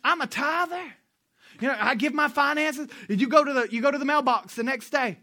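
High, bright-voiced preaching man. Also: a little fast. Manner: call-and-response with the congregation; conversational, storytelling, with asides to the audience. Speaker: pastor. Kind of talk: sermon.

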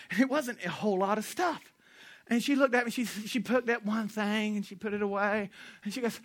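This pastor speaks briskly in a high, slightly bright voice, delivering his sermon as conversational storytelling. He draws call-and-response from the congregation and slips in asides to the listeners.

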